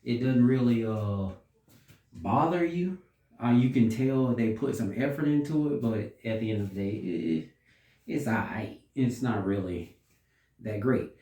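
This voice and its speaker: A man giving a casual, unhurried movie review, pausing and restarting often as he thinks. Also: mid-range voice, warm tone. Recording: roomy echo, distant from mic.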